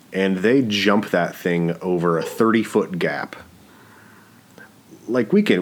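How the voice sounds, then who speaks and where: A man co-hosting a podcast, chatting casually and jokily about a film. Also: low voice. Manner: animated, jokey. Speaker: podcast co-host. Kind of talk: casual film-review chat.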